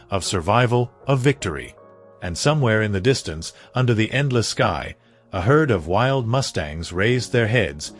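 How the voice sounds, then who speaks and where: A man narrating a dramatic story in a slow, scripted storytelling manner. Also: fairly low pitch.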